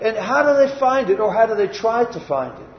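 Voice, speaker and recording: An older male preacher with a high voice gives a relaxed, folksy sermon, putting questions to the congregation as he goes. The sound is roomy and echoey, a little dull, with faint ambience behind. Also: fairly quick.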